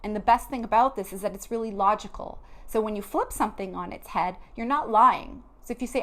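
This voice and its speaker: Earnest woman, spiritual vlogger, mid-pitched, heartfelt and unscripted. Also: brisk, hardly any pauses, bright, forceful tone. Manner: earnest, heartfelt, loose with many restarts. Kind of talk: earnest motivational talk to camera.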